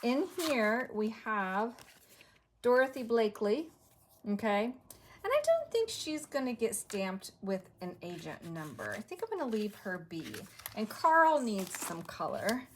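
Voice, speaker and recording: A woman's voice: fairly high pitch, very animated, measured pace, slight background noise. A woman crafting at home, chatting casually and thinking aloud as she stamps, sounding a bit winded. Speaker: craft video creator.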